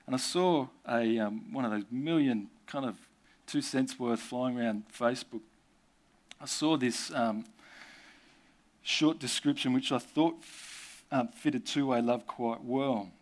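A man's voice: medium pitch, a little slow. Man preaching with rhetorical questions. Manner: rhetorical questions with conversational asides. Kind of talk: sermon.

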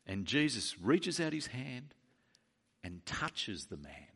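A man preaching a sermon, retelling scripture with asides and self-corrections and building to loud declarations. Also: medium pitch, very animated, takes it slowly, slightly rough.

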